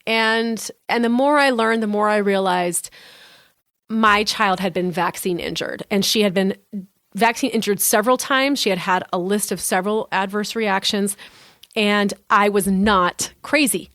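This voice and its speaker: A woman's voice: mid-range voice, moderate pace, a bit bright, dry recording, studio quality. A woman co-hosting a podcast, telling a personal story in an earnest, heartfelt way and repeating phrases for emphasis. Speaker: podcast co-host sharing her story.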